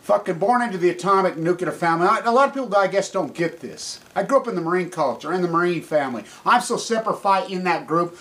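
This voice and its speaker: A man in an angry, profane rant, swinging between yelling and low muttering. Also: expressive, quick pace, few pauses. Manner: furious, profane, shouting, ranting. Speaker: anti-nuclear activist.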